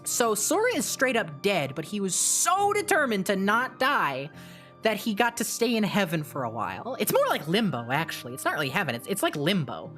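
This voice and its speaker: A woman streamer casually retelling a story, animated and swearing, with quick asides and restarts. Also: mid-range voice, faint music behind.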